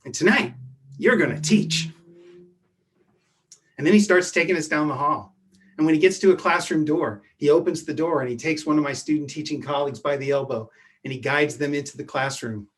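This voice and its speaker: A man telling a true personal story from his youth, in a measured way that often drops to a hushed voice. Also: fairly high pitch, steady tone. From Edwardsville, Illinois.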